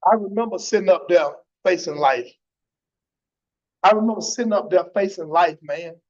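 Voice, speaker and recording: Fervent high-voiced man testifying. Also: normal speed, a little mellow. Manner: fervent, repeats phrases, tags lines with "man". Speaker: church testimony speaker. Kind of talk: impassioned church testimony. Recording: dull lo-fi church stream.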